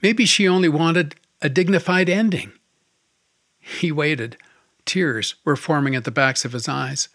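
A man narrating an audiobook in a calm, steady storytelling manner. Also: on the high side, a little slow, no echo, studio quality.

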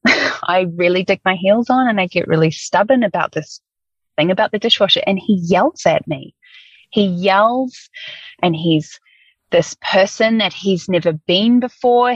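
Woman in her 30s or 40s opening up about her life, halting, lots of ums, low voice, dull dry recording. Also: a bit bright, dry recording. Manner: candid, emotional, hesitant with ums. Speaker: guest. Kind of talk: personal storytelling.

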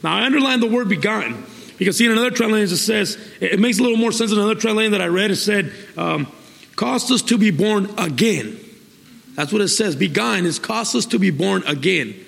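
A man preaching a sermon, exuberant, bursting into laughter and praise, then reading scripture slowly and deliberately. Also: sits high, gravelly, fairly bright tone. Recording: long hall reverb.

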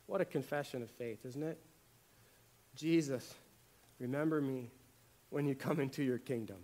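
A man preaching a sermon, swinging between hushed, quiet lines and loud, emphatic ones, often repeating words for emphasis. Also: medium pitch, moderate pace, long pauses.

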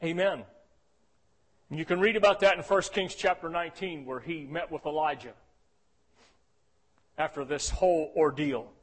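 A man preaching a sermon as pastor, swinging between soft low passages and loud shouted ones, often calling out "Amen?". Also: normal speed, pauses often. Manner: calls for "Amen?" responses.

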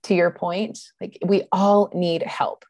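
A woman hosting a faith talk show, speaking in a warm, affirming and reflective way. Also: fairly low pitch, level tone, takes it slowly. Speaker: podcast host. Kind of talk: casual conversational talk.

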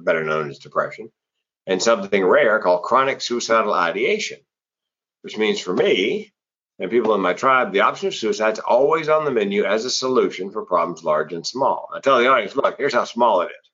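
Husky middle-aged man telling stories. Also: on the low side, fairly quick. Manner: animated storyteller who acts out quoted voices. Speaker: public speaker and former comedian, interview guest. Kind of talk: conversational storytelling in an interview. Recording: slightly dull, lo-fi audio.

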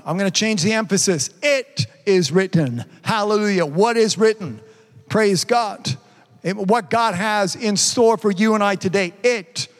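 An older man preaching a fervent sermon as pastor, constantly punctuating his points with "amen" and "praise God.". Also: high-pitched. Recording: long reverb in a large hall.

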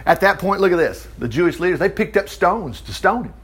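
A man preaching a sermon, reading scripture and commenting with animated exclamations. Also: high voice, brisk, husky. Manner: animated, exclaiming and chuckling between verses. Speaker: preacher teaching from the Bible.

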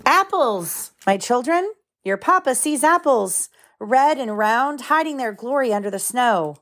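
A woman's voice: fairly high pitch, lively intonation, unhurried, fairly bright tone. A woman in her thirties reading a picture book aloud to her children at home, stopping to explain the story in plain words.

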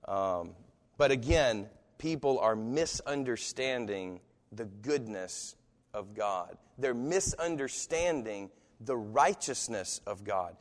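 Slow and expressive, this pastor's low-leaning voice carries through a sermon delivered in an easy, conversational way. He imitates the people he quotes, with long hall reverb on the recording.

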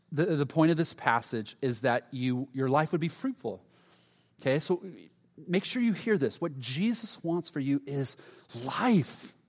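Animated pastor preaching in a reverberant hall. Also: male voice, fairly high pitch. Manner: animated storytelling with sudden loud outbursts. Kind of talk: sermon. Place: church sanctuary.

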